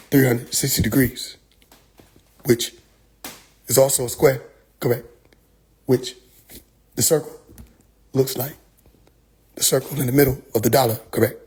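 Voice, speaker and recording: A man putting on a rambling male preacher who dodges a question with a slow, low, roundabout explanation. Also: a little mellow, slightly rough.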